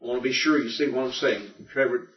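A man's voice: medium pitch, fairly even intonation, quick pace, distant mic. A man teaching a Greek grammar class, patiently explaining and checking that his students follow. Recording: dull roomy recording from afar.

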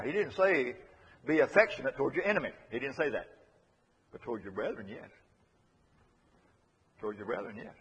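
A man's voice: mid-range voice, a bit bright, breathy edge. A man preaching a sermon in an earnest, emphatic way, repeating his key phrases to drive them home. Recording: echoey hall, dull lo-fi sound.

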